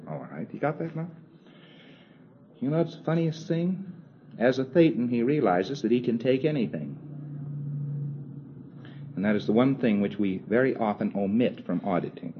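A man's voice: medium pitch, lively intonation, normal speed, long pauses. A man giving a recorded lecture in a conversational, wry way, acting out little exchanges and chuckling as he goes. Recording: dull lo-fi old tape with faint hiss.

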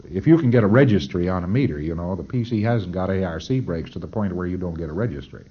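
Low-voiced man lecturing on old tape. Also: animated, fast, husky. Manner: explanatory, acts out dialogues. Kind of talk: recorded lecture. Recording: dull lo-fi tape.

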